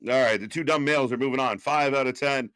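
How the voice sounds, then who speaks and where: A man from Canada co-hosting a live wrestling reaction stream, talking in an animated, profane way and laughing often. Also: medium pitch, smooth, dry recording, clean studio sound. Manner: animated, swearing, quick to laugh. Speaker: co-host. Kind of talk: casual live reaction chat.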